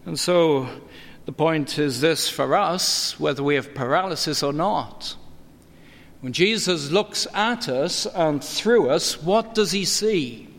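A middle-aged man preaching a sermon, earnest and expository, his pitch climbing when he presses a point. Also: expressive, slow pace, fairly bright tone. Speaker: pastor. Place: church. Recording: long church reverb.

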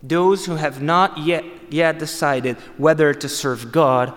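A man's voice: a little high, steady tone, slow pace. A man preaching a sermon, emphatic and repeating phrases for stress. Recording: long hall reverb.

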